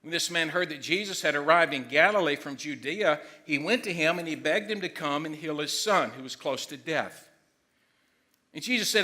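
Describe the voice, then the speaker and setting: A middle-aged man preaching a sermon as pastor, excitable and emphatic, loud at times. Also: a little high, moderate pace.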